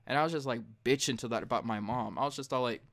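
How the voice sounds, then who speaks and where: A young man hosting a late-night podcast in a loose, profane, heated storytelling style. His voice sits at an ordinary middle pitch and leaps up sharply when he acts out his own outbursts. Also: fast talker. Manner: profane, heated, animated retelling; jumps high and loud when mimicking himself. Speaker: podcast host.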